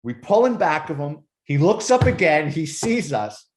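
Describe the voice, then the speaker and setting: A man who is a former police officer, telling animated, profanity-laced stories in casual conversation as a podcast guest. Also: a little high, normal speed, reverberant. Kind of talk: casual storytelling.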